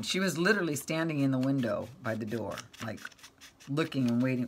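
Low-voiced chatty woman crafting. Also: fairly quick, noisy background. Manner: rambling, chatty, talks to her cat. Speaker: craft vlogger. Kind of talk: casual crafting chat.

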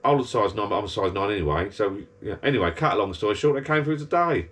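A man's voice: on the low side, lively intonation, fast talker, a bit bright. Grumbling man ranting casually. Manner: chatty, grumbling rant. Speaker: vlogger. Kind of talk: casual rambling monologue. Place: backyard garden bar shed.

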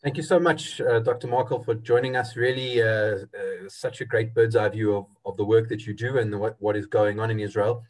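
Husky-voiced webinar moderator man. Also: on the low side, fairly even intonation, moderate pace, hardly any pauses, a little mellow. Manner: hesitant, many uhs. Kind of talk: introducing speakers.

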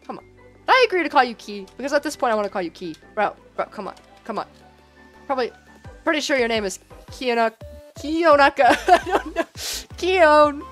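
A young woman with a high, bright voice chats and giggles her way through a live gaming stream, talking straight to her viewers. Faint game music plays under her voice. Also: animated, fairly quick. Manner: giggly, chatty, talks straight to chat, calls people bro. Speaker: livestreamer.

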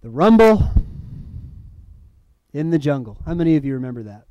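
A male preacher with a high voice delivers a sermon. He swings from loud, emphatic lines down to hushed, dramatic drops. The sound is dry, with little room echo. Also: sing-song, normal speed. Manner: acts out movie quotes. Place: church.

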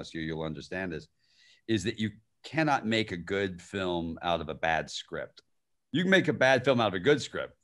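A man, the guest filmmaker and actor, telling anecdotes over a video call and laughing through his stories. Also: low voice. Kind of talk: live-streamed conversation.

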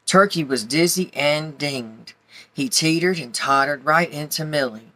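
A woman gently reading a children's picture book aloud to young listeners. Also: low voice, measured pace, no echo. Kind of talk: storybook read-aloud.

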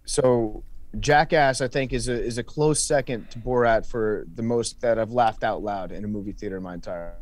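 A man's voice: medium pitch, normal speed. A man, a podcast guest, talking casually and explaining his opinions at length.

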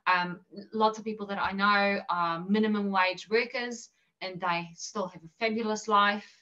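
This woman from Bloemfontein, South Africa, speaks English with an Afrikaans-influenced accent as a casual interview guest, full of ums, little laughs, and self-deprecation. Her voice is medium-pitched and fairly even, at normal speed with a sharp tone. The recording is distant, with the highs cut off.

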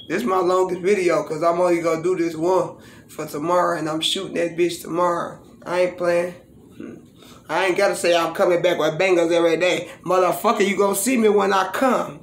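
A woman's voice: lowish voice, fairly even intonation, brisk, slight background noise. A woman vlogging casually and breaking into profane, boastful freestyle raps, recorded in her living room. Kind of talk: casual vlog talk with freestyle rapping. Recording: roomy echo in a home.

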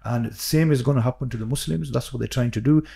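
An earnest man talks through a podcast conversation, circling back and repeating himself as he builds his point. His voice carries a gravelly, fried edge, and the tone sits dark and mellow. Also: medium pitch, quick pace. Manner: earnest, repeats words, many fillers and restarts. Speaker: podcast guest, imam.

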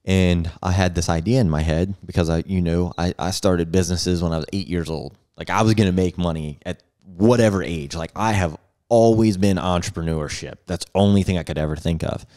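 Host, male, low voice, lively casual storyteller who laughs often. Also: fairly quick, hardly any pauses. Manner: lively, laughing, acts out quotes. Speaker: podcast host.

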